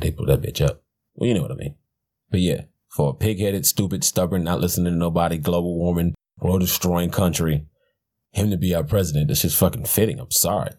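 A man's voice: rumbling low, dark tone. A man hosting a podcast, talking in a blunt, profane, rambling way with frequent restarts. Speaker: podcast host. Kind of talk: casual rambling commentary.

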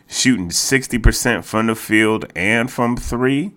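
A man hosting a solo sports podcast, talking casually and getting exasperated, his voice jumping high when worked up, repeating himself and stumbling into restarts. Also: measured pace, fairly bright tone. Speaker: podcast host.

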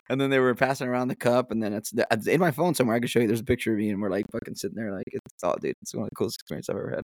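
A young man talking fast and easily, dropping swear words as he tells stories. His voice sits at an ordinary pitch and sounds dry and close, with no room around it. It comes across as a casual podcast chat. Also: no room sound. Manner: laid-back storyteller, swears freely. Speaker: podcast co-host.

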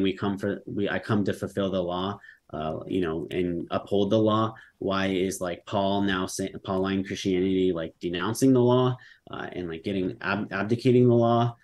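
Low-voiced young man debating casually. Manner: loose, filler-heavy speech with many "like"s and "um"s.

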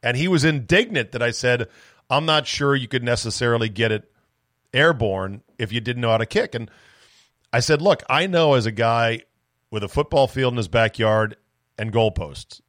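A man hosting a solo sports podcast, telling loose, profane, animated stories close to the mic. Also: medium pitch, normal speed, no room sound. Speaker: podcast host.

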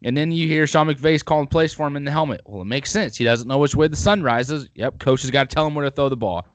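A man's voice: a little high, fast, dry recording. A man hosting a podcast, chatting casually and at length about football with opinionated rambling. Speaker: podcast host.

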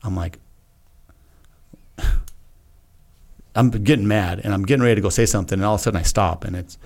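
Low-voiced man telling a frank personal story. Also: brisk, a little mellow. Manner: earnest, frank, acts out his own past remarks. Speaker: podcast guest, retired Navy SEAL. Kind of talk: casual conversational storytelling.

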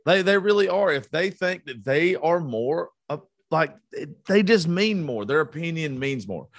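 A man's voice: fairly high pitch, expressive, a little slow, no room sound. A man in his thirties in a casual podcast chat, blunt and profane, getting worked up as he talks. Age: 30s.

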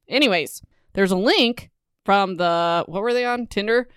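A young woman hosting a book podcast, recapping chapters in a chatty, rambling way with animated asides. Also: medium pitch, measured pace, smooth, no room sound, studio quality.

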